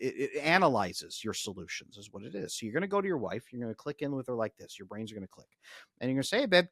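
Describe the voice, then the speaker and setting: A man's voice: mid-range voice, a bit bright, no room sound, clean studio sound. A man speaking as a podcast guest and relationship coach, explaining ideas energetically with frequent restarts. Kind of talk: casual explanatory podcast talk.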